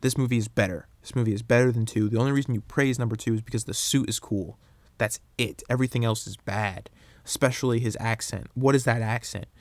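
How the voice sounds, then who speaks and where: A young man hosting a solo podcast, rambling through his opinions in a casual, animated way with frequent restarts. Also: medium pitch, fast, dry recording. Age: young adult. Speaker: podcast host.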